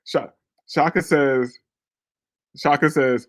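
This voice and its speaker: Guy on a podcast mic, kinda high voice, swearing a lot, rambling story, keeps saying you feel me. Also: fairly quick, darkish tone. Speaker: podcast host.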